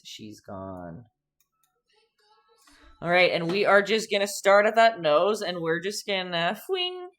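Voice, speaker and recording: A woman's voice: fairly low pitch, fairly bright tone. A young woman teaching a painting lesson on a live stream, chatty and playful, reading out viewers' chat and giggling often.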